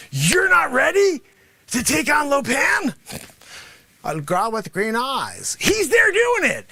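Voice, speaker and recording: A man playing a brash, greedy male martial arts sensei in an improvised comedy bit, boasting and berating his students with loud shouted bursts. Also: high-pitched, no echo, full character voice. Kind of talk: improvised comedy character monologue.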